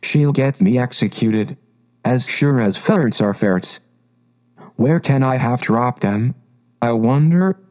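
A man's voice: medium pitch, takes it slowly, darkish tone, lightly acted. A man reading a storybook aloud and voicing a fretful, bossy male white rabbit that mutters frantically and snaps orders. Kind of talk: audiobook reading.

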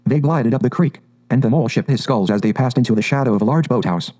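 A man's voice: mid-range voice, fast talker, few pauses, dark tone, rough recording. Man reading a storybook aloud. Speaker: narrator. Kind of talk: audiobook narration.

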